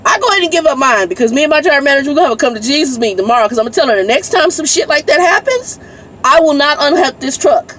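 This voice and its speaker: Fed-up woman, truck driver, blunt and profane vlog rant from her cab; slightly high voice, faint background noise. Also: animated, racing, fairly bright tone. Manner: irritated, blunt, swears, reads messages aloud. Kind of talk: ranting casual vlog. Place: inside a parked truck cab.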